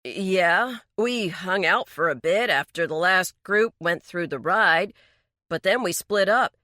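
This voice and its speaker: A woman's voice: on the low side, takes it slowly, pushed and bright, no room sound, studio quality. A woman voicing a frightened, defensive young male mechanic, talking in a raised, anxious way. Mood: flustered, defensive.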